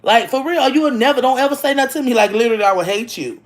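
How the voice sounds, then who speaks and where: A woman vlogging from home rattles off stories in a rapid-fire, slightly high voice. Her casual storytelling chat is blunt, full of laughter, and marked by many restarts.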